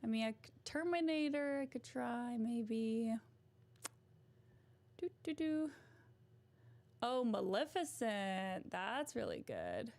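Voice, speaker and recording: A woman's voice: a little high, sing-song, a little slow, few pauses, a little mellow. A woman vlogger chatting casually to camera, giggly and poking fun at herself. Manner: giggly and self-mocking.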